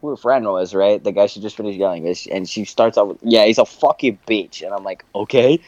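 A man's voice: lowish voice, fairly quick, darkish tone, no room sound. A young man co-hosting a podcast, telling a rambling, profane story with lots of laughing and acted-out voices. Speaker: podcast co-host. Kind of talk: casual storytelling chat. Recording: dull lo-fi sound.

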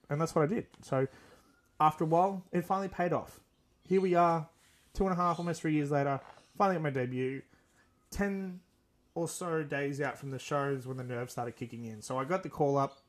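A man's voice: a little high, brisk. A young man, hosting a podcast and earnestly telling a rambling personal story, acting out the dialogue. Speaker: podcast host. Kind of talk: casual storytelling.

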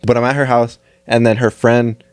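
A young man co-hosting a podcast, talking in halting, profane casual speech full of fillers. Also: medium pitch, little pitch movement, no room sound. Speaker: podcast co-host. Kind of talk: casual chat.

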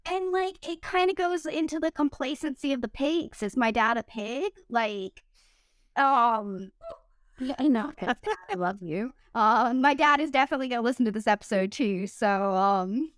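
A woman hosting a casual podcast chat, talking loosely with lots of "like" fillers and quick disclaimers. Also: high voice, fairly bright tone, clean tone, dry recording. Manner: chatty, many "like" fillers, quick asides and self-disclaimers. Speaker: podcast host.

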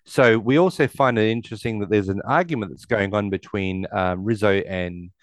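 Male podcast co-host, low-pitched, dry close mic, casual recap delivery with acted-out quotes. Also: moderate pace, no room sound. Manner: retells scenes, acting out quotes in a raised voice. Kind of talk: casual film recap chat.

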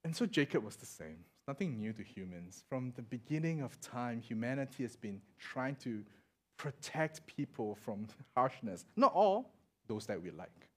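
A middle-aged Singaporean man preaching a sermon, telling stories and acting out the voices, swinging from loud to quiet. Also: medium pitch, normal speed. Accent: Singaporean English. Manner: animated, acts out voices in anecdotes, swings loud to soft. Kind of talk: sermon with storytelling.

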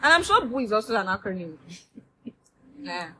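A young woman who is a guest on a casual podcast chat, giggly and animated as she tells stories. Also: mid-range voice, moderate pace. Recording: faint background noise.

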